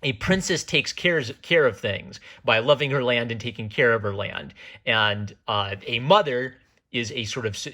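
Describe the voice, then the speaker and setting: Male comic reviewer, bright forceful tone, enthusiastic and rambling. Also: medium pitch, moderate pace. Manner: enthusiastic, digressive, jokey. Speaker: manga reviewer. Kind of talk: casual review commentary.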